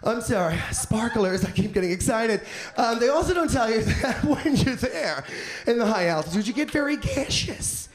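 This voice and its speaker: A man's voice: very high voice, expressive, normal speed. A man doing a brash, profane stand-up set, campy and theatrical, slipping into put-on voices. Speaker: stand-up comedian. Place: comedy club stage. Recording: echoey club with audience noise. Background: audience laughter.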